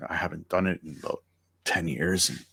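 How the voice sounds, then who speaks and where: Male podcast host, deep voice, easygoing and thoughtful delivery with small pauses. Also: creaky, breathy edge, no room sound, studio quality. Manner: relaxed, reflective, with hesitations. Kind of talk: conversational interview.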